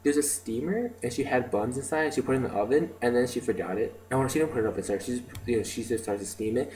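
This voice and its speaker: A video diarist tells stories at a quick pace in a mid-range, darkish voice, rambling and filling his speech with "like" and "um." The audio is low quality and casual.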